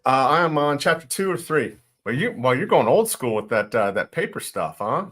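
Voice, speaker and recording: A man's voice: mid-range voice, sing-song, moderate pace, a bit bright. A man co-hosting a casual livestream, giving blunt, plainspoken business advice. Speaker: livestream co-host.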